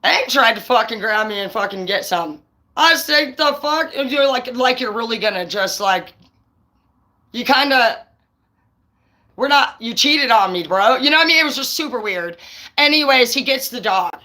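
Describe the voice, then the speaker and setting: A woman's voice: a little high, animated, normal speed, pushed and bright. A woman vlogging a personal story in a rambling, heated, foul-mouthed monologue, full of restarts and "dude". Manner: profane, heated, peppered with "dude" and "bro"; rambling, with frequent restarts and fillers.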